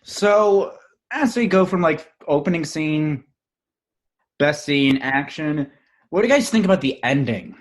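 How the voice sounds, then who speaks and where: A man's voice: a little high, lively intonation, unhurried. Enthusiastic man hosting a film podcast. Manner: enthusiastic, explanatory. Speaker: podcast host. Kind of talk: casual film discussion. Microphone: online call.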